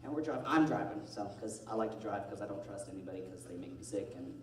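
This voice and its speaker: A man's voice: fast, crowd noise. A young man in his twenties telling self-deprecating comic stories about his marriage in a monologue, heard from a distant mic in an echoey room. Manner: animated, self-deprecating, jumps into high-pitched voices. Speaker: comedic monologue performer. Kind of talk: comedic storytelling monologue.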